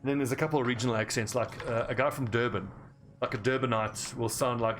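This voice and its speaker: A gaming streamer with an English South African accent chats casually and rambles as he plays, laughing easily. His voice is medium-pitched, a bit bright and fairly even in intonation, and he talks fast over a slight hiss or hum.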